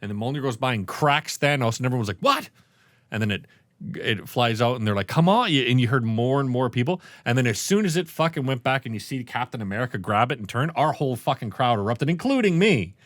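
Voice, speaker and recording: A man co-hosting a podcast in casual chat, animated and swearing often. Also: mid-range voice, fast talker, few pauses, no echo, clean studio sound. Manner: animated, swears a lot, acts out loud crowd voices. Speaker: podcast co-host.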